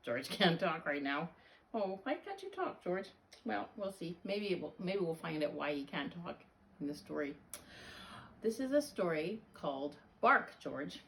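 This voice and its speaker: A woman reading a storybook to young children, addressing them directly. She speaks slowly and with animated, widely ranging pitch. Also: vocal fry.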